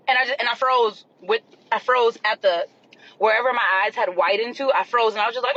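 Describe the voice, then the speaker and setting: Animated, dramatic woman telling a story. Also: fairly high pitch, quick pace, muffled recording, very noisy. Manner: animated, dramatic, shrieks in retelling. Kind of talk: casual storytelling to camera.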